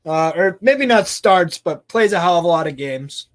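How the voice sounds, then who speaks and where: Chatty excitable man hosting a live stream. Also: high voice, moderate pace, dry recording, studio quality. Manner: chatty and excitable, swears casually, laughs often. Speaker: live stream host reading fan chat. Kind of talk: casual live stream chat.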